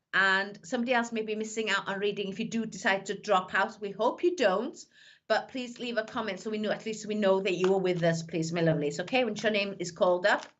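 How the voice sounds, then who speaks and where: This psychic medium has a medium-pitched, fairly bright voice, with the highs cut off in the recording. She greets live-stream viewers affectionately, does readings, and keeps calling everyone "my lovely."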